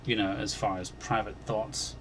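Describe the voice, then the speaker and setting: A man's voice: lowish voice, little pitch movement, noisy background. Guy on his faith channel telling about a dream, earnest, stops and restarts a lot, gets emphatic. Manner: earnest, halting, with many restarts. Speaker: Christian video channel host. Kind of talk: recounting a dream as personal testimony.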